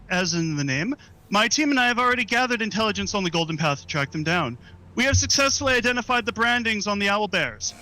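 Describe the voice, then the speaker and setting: A man voicing a calm, formal male half-elf spymaster in a tabletop game, speaking in a measured, soothing way. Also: high-pitched, rough recording.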